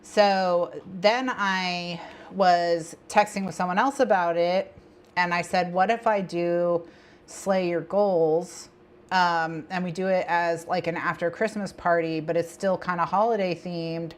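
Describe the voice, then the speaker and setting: A woman hosting a casual co-working livestream, talking in a rambling, chatty way with bursts of excitement. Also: fairly low pitch, a little slow. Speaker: livestream host. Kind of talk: casual co-working stream chat.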